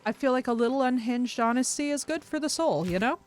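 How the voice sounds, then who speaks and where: A woman streamer chatting casually with her viewers, effusive, unfiltered and animated. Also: high voice, a little fast.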